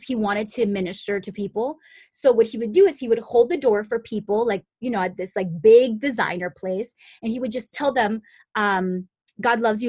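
A woman's voice: mid-range voice, no room sound. A young woman telling a long story in casual talk, full of "like" fillers, acting out the voices of the people in it. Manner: chatty, full of "like" fillers, acts out the quoted voices.

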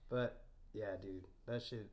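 A man's voice: on the low side, steady tone, slow pace, a little mellow. A young man co-hosting a casual podcast, joking in slang, swearing and laughing often. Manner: laughs often, slangy, calls people bro and dude. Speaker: podcast co-host. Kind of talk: casual profane chat. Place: house.

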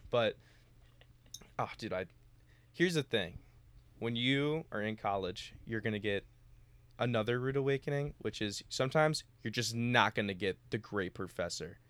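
Smooth-voiced young man telling stories. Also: lowish voice, moderate pace, no room sound. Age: young adult. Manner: animated storytelling, acting out dialogue, swears freely. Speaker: podcast co-host, college student. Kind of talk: casual chat.

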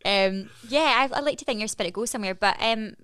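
A young woman from Edinburgh with an Edinburgh Scottish accent, a stage actress chatting as a podcast guest and telling a story in a lively, animated way. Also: medium pitch, fast talker, smooth, no room sound. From Edinburgh, Scotland. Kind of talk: casual chat, storytelling.

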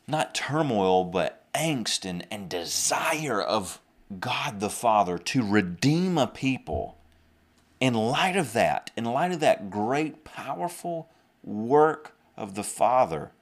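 A man's voice: lowish voice, big pitch swings, takes it slowly. A young man with a Southern US accent preaching a podcast sermon earnestly, often repeating and restarting his phrases.

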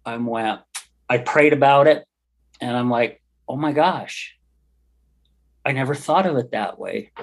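A middle-aged man telling his personal story as a podcast guest, earnest, heartfelt and candid. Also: mid-range voice. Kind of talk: personal testimony in an interview.

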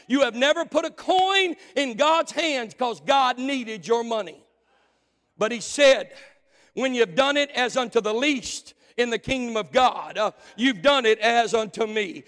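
A male pastor preaching a sermon with shouted emphasis and dramatic pauses, speaking in a church sanctuary. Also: very high voice, expressive. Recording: long church hall reverb.

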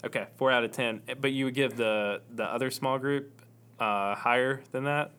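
Bright-voiced joking man. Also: mid-range voice, steady tone, moderate pace, clear, resonant tone. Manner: joking, playful. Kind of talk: casual chat.

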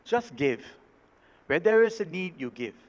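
A male pastor delivers a sermon with emphatic, repeated key lines. His voice sits high for a man. It carries long reverb from a big hall and sounds slightly dull. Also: very animated, unhurried.

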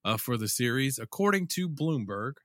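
Male co-host, animated pitch, dry mic, chatty news reader. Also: moderate pace, dry recording. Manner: lively, chatty, reads headlines with asides. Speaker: podcast co-host. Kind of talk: casual chat, reading gaming news.

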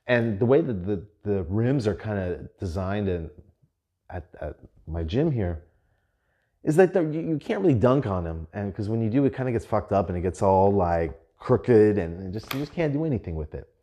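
A man with a low, dark voice hosts a podcast and tells stories in a loose, chatty way. He swears freely and fills his talk with "like" and "you know". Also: moderate pace. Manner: animated, profane, lots of fillers and "I'm like". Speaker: podcast host. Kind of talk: casual storytelling.

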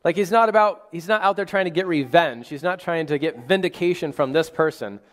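A man's voice: a little high, brisk. A man in his thirties preaching a sermon as pastor, in a casual, conversational way full of restarts. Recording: long hall reverb.

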